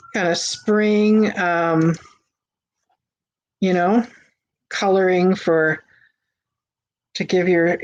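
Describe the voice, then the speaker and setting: A woman hosting a live vintage sale from her home, chatting casually with fillers as she shows each item. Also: lowish voice. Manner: chatty, unhurried, with frequent fillers and restarts. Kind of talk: casual live-stream selling. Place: home on a busy street.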